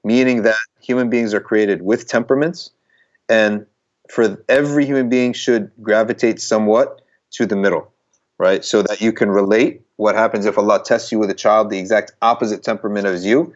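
A man with a fairly low voice talks earnestly as a guest, leaning hard on his points and restarting phrases as he works through a thought. The recording sounds a little dull and muffled. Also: steady tone, normal speed. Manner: earnest, emphatic, circles back and restarts phrases. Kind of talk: conversational talk.

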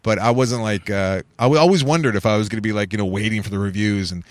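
A low-voiced man rambling through casual podcast banter, hesitating and padding his thoughts with fillers. The sound is dry and close-miked. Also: quick pace, dry recording. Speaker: podcast co-host. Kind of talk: casual comedic chat.

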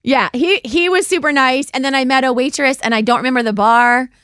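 A woman in her thirties hosting a podcast, chatting casually through live questions and telling stories, acting out quotes with sudden leaps in pitch. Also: brisk, a bit bright, smooth, no echo, studio quality. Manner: chatty storyteller, acts out quotes with big pitch jumps. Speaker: podcast host.

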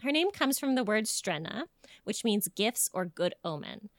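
A woman's voice: mid-range voice, normal speed, no echo. A young woman co-hosting a casual podcast, mixing folklore with crude jokes. Her voice bounces through a wide melodic range. The recording is close and dry. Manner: animated, jokey, swearing storyteller. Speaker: podcast co-host.

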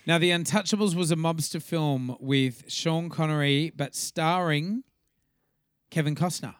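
A man's voice: a little high, unhurried, clean tone, no echo. An Australian man co-hosting a podcast, chatting casually, swearing freely and laughing often. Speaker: podcast co-host. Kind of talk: casual chat.

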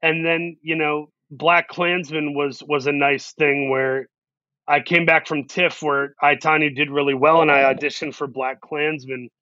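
A man telling animated anecdotes as a guest in an interview, acting out what people said to him. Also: fairly high pitch, unhurried, no echo, muffled recording. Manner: animated anecdotes with quoted asides. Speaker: actor guest. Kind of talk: storytelling interview.

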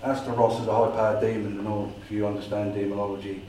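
Animated man telling a story in an echoey room. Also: fairly low pitch, fast, recorded from a distance, a little hiss or hum. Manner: animated storyteller acting out his own dialogue. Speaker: paranormal investigator giving a talk. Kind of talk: storytelling talk to a society meeting. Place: meeting room.

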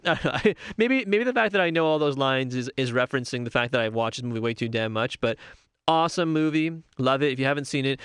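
A man's voice: medium pitch, fairly bright tone, clean tone, no echo, clean studio sound. A young man chatting casually and enthusiastically on his own, rambling and correcting himself as he goes. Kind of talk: casual solo talk about favorite movies.

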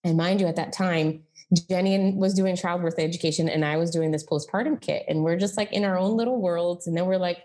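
A woman in her thirties, a podcast guest, recounts her own story in a relaxed, candid way, peppered with "like" and "um." Her lowish voice is dark-toned and steady, moving a little fast.

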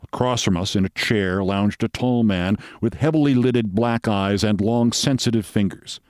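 A man reading a comic mystery story aloud in a steady, dry storytelling voice. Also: on the low side, normal speed, dry recording. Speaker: narrator.

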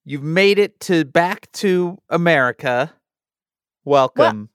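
A man co-hosting a casual chat with quick, wry reactions and jokes. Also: a little high, animated, smooth. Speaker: co-host.

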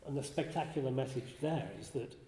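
A man giving a contemplative spiritual talk, speaking slowly and reflectively, often pausing and restarting his phrases. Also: medium pitch, dark tone. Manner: slow and reflective, with frequent restarts and pauses. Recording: roomy hall with long reverb.

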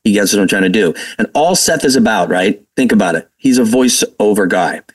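A man from Massachusetts, a guest actor telling animated stories in a casual interview. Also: fairly low pitch, a little fast, far from the mic, low-quality recording. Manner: animated, quotes people in their voices, laughs while telling stories.

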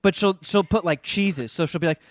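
Animated man with a dry close sound. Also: high-pitched, normal speed, dry recording. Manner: animated storyteller, hams up silly voices for the characters he describes. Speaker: podcast co-host reviewing a film. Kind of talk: casual chat.

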